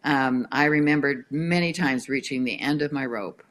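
Brief: middle-aged woman, guest author, lively chatty storyteller. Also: very deep voice, moderate pace. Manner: animated storyteller, reads aloud from her book. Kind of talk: casual chat.

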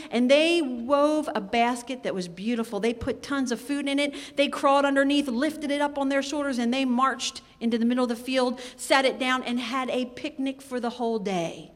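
A woman telling a fable to a live audience of children in an animated, rhythmic way. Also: high-pitched. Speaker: storyteller. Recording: live hall with long reverb.

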